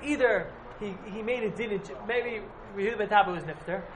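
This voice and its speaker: Fast-talking high-voiced man teaching Talmud. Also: a little hiss or hum. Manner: rambling, repeats and hedges often. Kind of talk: casual Talmud class. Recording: echoey room.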